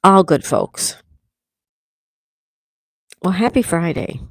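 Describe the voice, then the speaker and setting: A congested woman hosting a relaxed livestream at home, chatting and reading out viewers' comments. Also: fairly low pitch, takes it slowly, dry recording. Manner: relaxed, chatty, laughs often. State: congested, coughing. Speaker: livestream host.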